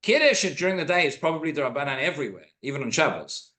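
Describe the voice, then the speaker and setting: A rabbi giving an informal class in a synagogue, explaining texts and reading Hebrew quotations aloud. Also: male voice, a little high, big pitch swings, fast talker, bright, forceful tone. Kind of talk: informal Torah class lecture.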